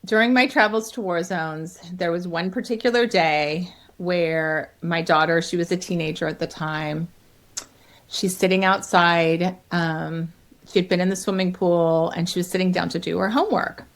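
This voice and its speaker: A middle-aged woman, a comedian, telling stories as a guest in an interview, lively and quick to laugh. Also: fairly low pitch. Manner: lively, laughs often, acts out quotes. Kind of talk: storytelling in an interview.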